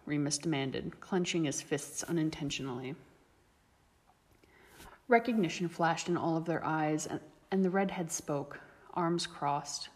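A woman reading a story aloud as narrator, steady and even. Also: sits low, normal speed. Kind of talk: audiobook reading of fan fiction. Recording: long reverb.

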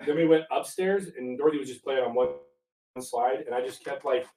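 A man co-hosting a casual chat, telling stories in an animated way with many "like" fillers. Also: medium pitch, a little fast, distant mic. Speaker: podcast co-host. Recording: echoey room, voice off-mic.

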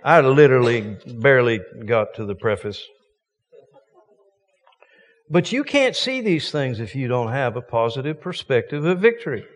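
A man's voice: mid-range voice, big pitch swings, normal speed, long reverb tail. A man preaching a sermon as a visiting preacher, folksy and joking with emphatic points.

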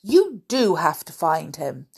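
Mum reading as a gentle patient mouse doctor, slow and breathy, storybook voice. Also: female voice, sits low, sing-song, heavily acted. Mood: reassuring. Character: kindly, reassuring male mouse doctor.

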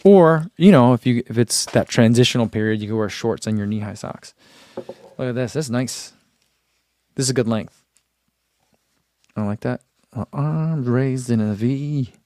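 A man's voice: medium pitch, moderate pace, pauses often, warm tone, dry recording. A man reviewing running gear in a casual live chat, musing aloud with fillers and reading out viewer comments.

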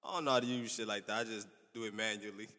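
A man's voice: fairly low pitch, fairly even intonation, rapid-fire, pushed and bright, in a large hall. A man hosting a casual podcast chat, laid-back and candid, with a slangy way of talking. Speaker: podcast host.

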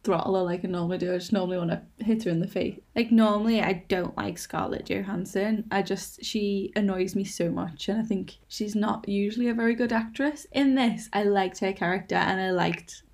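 A woman's voice: medium pitch, fairly quick, hardly any pauses, darkish tone. Chatty woman podcast host. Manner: chatty, laughs often, blunt opinions. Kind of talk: casual chat.

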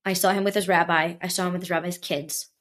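A woman's voice: fairly low pitch, steady tone, quick pace, a bit bright. A woman telling a personal story in casual chat, acting out quoted voices with animation. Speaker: guest.

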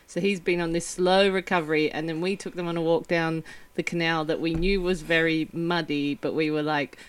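A woman's voice: low-pitched, fairly even intonation, moderate pace, clear, resonant tone. A woman chatting as a podcast guest, telling stories in an easygoing, laughing way. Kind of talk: casual chat.

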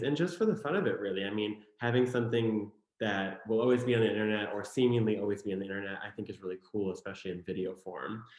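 This is a young man with a Michigan accent, chatting loosely as a podcast guest with plenty of fillers. His voice sits a little low. The room around him rings with echo. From Michigan, USA. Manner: chatty storyteller, many fillers. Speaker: guest, content creator. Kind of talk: casual interview chat. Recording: echoey room.

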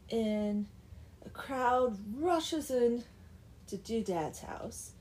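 A woman's voice: a little high, animated, drawn-out words, a little mellow. A young woman casually retelling a folk tale, chatty with wry asides and dips into whispers. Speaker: storyteller. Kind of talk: casual comic story retelling.

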